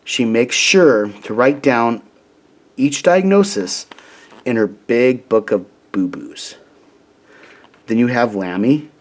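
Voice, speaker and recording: Guy doing a kids book read-aloud, takes it real slow, mid pitch. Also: lively intonation. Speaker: storybook reader.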